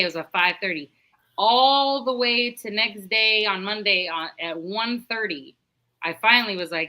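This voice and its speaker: A woman's voice: medium pitch, normal speed, sharp tone. A middle-aged woman, a podcast guest, telling a story in a chatty, rambling way and acting out the dialogue. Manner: recounts dialogue in a chatty, rambling way with many restarts. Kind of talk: casual storytelling.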